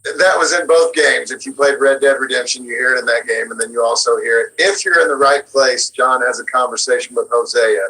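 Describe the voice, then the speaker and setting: A man who is a guest voice actor, chatting casually in an interview and telling lively stories with frequent laughter. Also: mid-range voice, fairly quick, hardly any pauses, low-quality recording. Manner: animated storyteller, laughs often.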